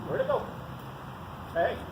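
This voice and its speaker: A man demonstrating dog training outdoors, explaining drills and giving short commands and praise to his dog. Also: slow pace. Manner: instructive, breaks into high excited praise for the dog. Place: outdoors in a field. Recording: noisy outdoor recording.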